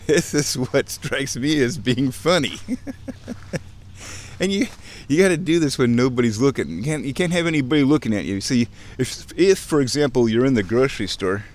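A chatty, playful man talks his way along a creek outdoors, recorded on a camera he carries as he walks. His voice sits at an ordinary middle pitch. Faint outdoor ambience hums behind him. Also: slight background noise. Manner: playful and chatty, mimics sounds, chuckles often. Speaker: nature vlogger. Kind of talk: casual walking narration.

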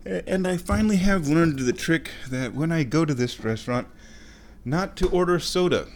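A man's voice: on the high side, expressive, moderate pace, a little hiss or hum. A man with stuffed-up sinuses hosting a podcast, talking in a casual, playful, digressive monologue while walking around his home. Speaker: podcast host. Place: at home, walking between rooms.

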